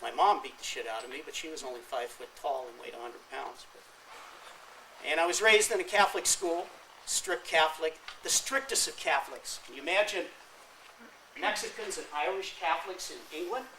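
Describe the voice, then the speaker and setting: A man's voice: on the high side, moderate pace, pushed and bright. Wry storytelling man in his fifties, lecture hall. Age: 50s. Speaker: guest speaker. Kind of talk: classroom talk. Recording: distant mic with faint room noise.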